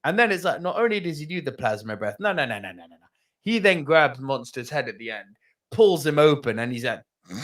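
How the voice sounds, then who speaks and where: A man co-hosting a movie podcast in casual chat, animated and swearing freely. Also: a little high, fairly quick. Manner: animated, swearing, bursts into loud laughter. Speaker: podcast co-host.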